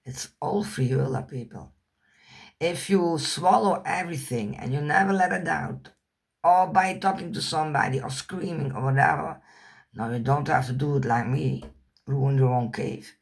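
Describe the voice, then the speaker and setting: Dutch-speaking woman, husky and gravelly, candid rambling storyteller who curses freely. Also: sits low, moderate pace. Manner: candid, rambling, swears casually, searches for English words. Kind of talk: personal storytelling to camera.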